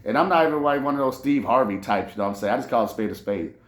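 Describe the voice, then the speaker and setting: A man's voice: medium pitch, very fast, echoey room. A man hosting a casual commentary monologue, swearing freely and rambling through restarts. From New Orleans. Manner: animated, profane, rambling with restarts. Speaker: host.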